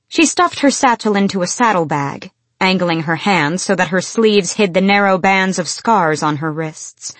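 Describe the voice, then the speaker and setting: A woman narrating an audiobook with a measured, expressive delivery. Her voice is on the low side for a woman. It is recorded close and dry, with no room sound. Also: no echo. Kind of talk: scripted fantasy narration.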